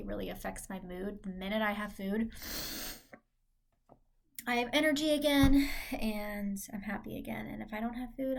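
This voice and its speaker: A woman's voice: a little high, creaky. A young woman giving a casual vlog update, rambling and correcting herself as she goes, laughing at her own slips. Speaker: vlogger and teacher. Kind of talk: casual chat.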